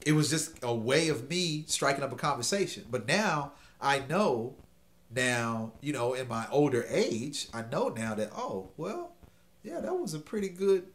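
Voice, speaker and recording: Middle-aged man telling a dating story. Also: mid-range voice. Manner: animated, checks in often with "okay?". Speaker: host giving dating advice. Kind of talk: casual storytelling advice talk.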